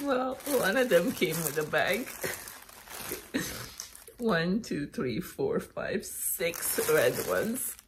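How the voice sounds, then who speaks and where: A woman's voice: on the low side, big pitch swings, extremely slow, pauses often, background noise. A middle-aged woman from Canada opens a parcel at home, gushing and laughing a lot as she unpacks. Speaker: vlogger opening mail. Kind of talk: casual unboxing chat. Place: at home by a table.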